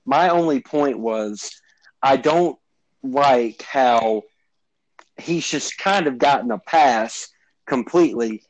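Measured man weighing a football debate. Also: medium pitch, expressive, low-quality recording. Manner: measured, hedging, many fillers. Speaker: sports podcast co-host. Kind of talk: sports debate.

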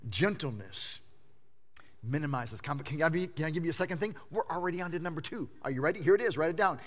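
A male pastor preaching a sermon, swinging between loud emphatic bursts and hushed lines, often repeating phrases for effect. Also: fairly high pitch, very fast.

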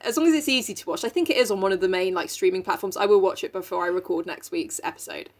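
A woman's voice: mid-range voice, fast. A young woman co-hosting a casual podcast, laughing often and swearing freely. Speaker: podcast co-host. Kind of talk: casual chat.

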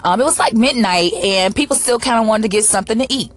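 Sassy, animated woman recapping reality TV. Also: a little high, quick pace. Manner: animated, sassy storyteller acting out quotes. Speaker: reality TV commentator. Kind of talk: casual recap commentary.

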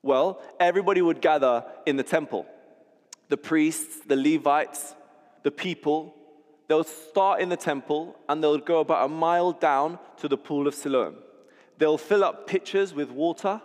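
A man's voice: a little high, moderate pace. A man preaching a sermon, telling a scene vividly and often restarting words as he goes. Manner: vivid storytelling, repeats words when restarting. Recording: long hall reverb.

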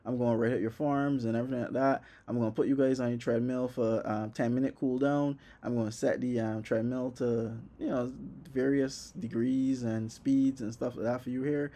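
A man voicing a pushy, condescending male fitness trainer who gives orders in a mellow, ordinary voice. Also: mid-range voice, fairly even intonation, moderate pace, hardly any pauses, close to an everyday voice. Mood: bossy. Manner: condescending and bossy.

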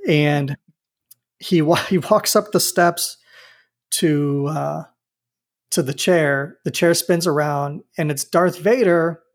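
A man's voice: fairly high pitch, slow pace. A man chatting casually as a podcast co-host, retelling a scene with amused, rambling restarts. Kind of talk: casual chat.

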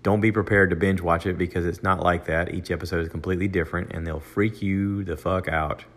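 Deep-voiced older American man rambling. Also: steady tone, fairly quick. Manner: rambling, conversational, with many fillers and restarts; acts out quoted voices in a raised pitch. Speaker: podcast host. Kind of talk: casual solo monologue.

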